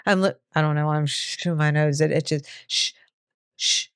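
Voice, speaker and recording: Young woman co-host, lowish smooth voice, playful casual chat, dry close sound. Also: steady tone, fairly bright tone, dry recording. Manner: playful, giggly, quick asides.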